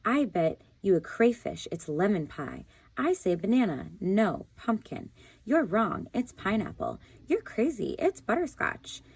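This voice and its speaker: A woman's voice: medium pitch, big pitch swings, unhurried, darkish tone, husky, exaggerated voice, rough recording. A woman reading aloud, voicing a gang of menacing male alligators who growl and sneer. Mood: quarrelsome.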